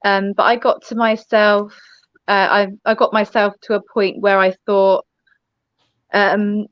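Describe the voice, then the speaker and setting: A woman guest telling her story in a casual interview, halting with many ums and restarts. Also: medium pitch, steady tone, no echo. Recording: dull lo-fi dry sound.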